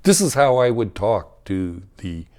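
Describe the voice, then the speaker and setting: A man's voice: on the low side, big pitch swings, unhurried, a little mellow, smooth. A middle-aged man talking casually and frankly about spiritual life, rambling with many fillers and restarts. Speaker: spiritual talk host and former firefighter.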